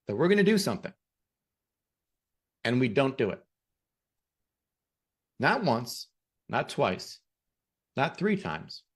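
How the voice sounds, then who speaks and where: A man hosting a podcast who gives a motivational talk and tells stories in an emphatic, animated way. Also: mid-range voice. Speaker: podcast host.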